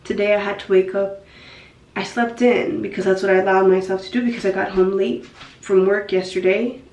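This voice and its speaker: A woman's voice: medium pitch, fairly even intonation, moderate pace, darkish tone. A young woman talking candidly to a phone camera at home in a personal vlog, frank and rambling, swearing casually as she goes. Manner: rambling with fillers and self-corrections. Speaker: vlogger.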